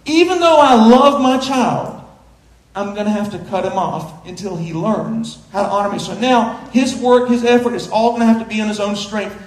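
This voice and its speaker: A man preaching a sermon, folksy and playful, building to loud emphasis. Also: sits high, normal speed. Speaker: pastor. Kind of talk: sermon with live illustration. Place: church sanctuary. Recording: roomy church echo.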